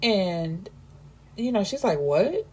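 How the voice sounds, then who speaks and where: A woman recapping a novel in a chatty, emphatic way, reacting freely as she goes. Her voice is low and husky with a mellow, dark tone. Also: measured pace. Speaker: book reviewer. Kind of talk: casual book recap.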